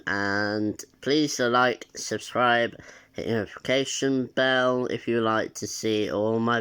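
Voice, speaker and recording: A young man with a nasal voice talking casually to camera in a personal vlog, hesitant and pausing often. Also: medium pitch, a bit bright, clean tone. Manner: hesitant, with frequent filler sounds and restarts. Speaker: vlogger.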